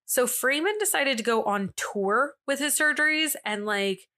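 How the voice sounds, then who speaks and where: A woman's voice: high voice, animated, unhurried, pushed and bright. A young woman hosting a casual storytelling podcast, chatty and full of fillers and asides. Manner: chatty, filler-heavy, with frequent asides and laughs. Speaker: podcast host.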